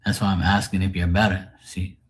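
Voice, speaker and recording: A man casually chatting on a livestream, answering viewers' comments in a rambling way and often clearing his throat. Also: deep voice, level tone, fairly quick. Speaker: livestream host.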